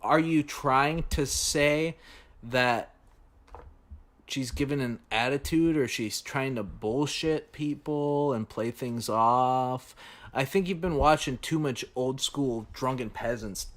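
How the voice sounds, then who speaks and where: A man's voice: medium pitch, slow, a bit bright. A man co-hosting a podcast, laughing and talking crudely while reacting to clips. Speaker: podcast co-host. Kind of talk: casual chat reacting to clips.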